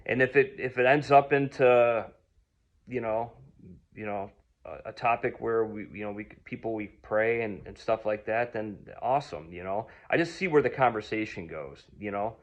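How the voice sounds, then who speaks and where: Slightly low-voiced man telling a rambling story. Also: normal speed, muffled recording. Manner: rambling, many ums and restarts. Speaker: vlogger. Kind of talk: casual storytelling.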